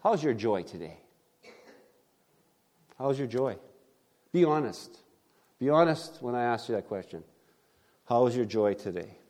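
A man delivering a sermon at a church service. His voice sits in an ordinary middle range. He leans hard on key words, poses rhetorical questions, and swings between loud bursts and hushed asides. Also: mid-range voice, animated, a little slow, pauses often. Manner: emphatic preaching with rhetorical questions and big swings in loudness. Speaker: pastor.

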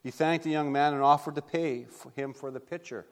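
A man's voice: fairly high pitch, fairly quick, hardly any pauses, in a large hall. A man preaching a sermon, telling a story earnestly and reading scripture aloud. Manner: earnest, steady storytelling with small restarts. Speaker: pastor.

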